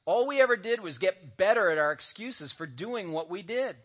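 A man's voice: high-pitched, expressive, moderate pace, breathy edge. Male pastor preaching, joking asides, lo-fi. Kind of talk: sermon. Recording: dull lo-fi audio recording.

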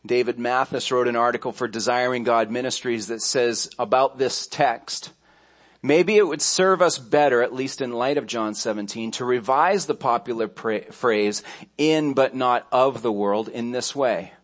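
A man's voice: medium pitch, moderate pace. A man pastor delivering a sermon, telling stories conversationally, with restarts and asides along the way.

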